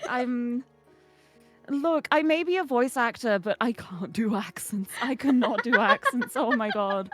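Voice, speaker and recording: A woman's voice: fairly high pitch, sing-song, unhurried, faint music behind. A British woman voice actor chatting casually on a game stream, giggly and self-deprecating.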